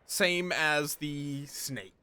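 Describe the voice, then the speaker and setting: A man's voice: on the high side, very slow, bright, forceful tone. A tired man streaming a game, muttering to himself and thinking aloud as he plays. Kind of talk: casual gameplay commentary.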